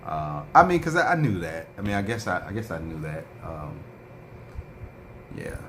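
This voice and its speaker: A man's voice: low voice, big pitch swings, normal speed, background noise. A man vlogging in a casual chat, telling a rambling story with lots of fillers and reading out viewer comments.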